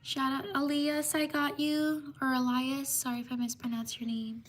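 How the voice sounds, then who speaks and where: A woman hosting a casual livestream, giving slow, unhurried shout-outs and apologizing for mispronouncing names. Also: high voice, steady tone, slight background noise. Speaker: livestream host.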